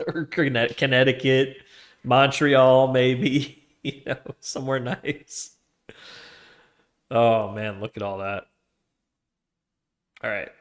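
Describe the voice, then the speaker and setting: A man streaming himself coding a trading tool, chatting loosely with slang and laughs, then muttering quietly to himself as he works. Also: mid-range voice. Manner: slangy, with laughs between phrases. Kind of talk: casual live-coding chat.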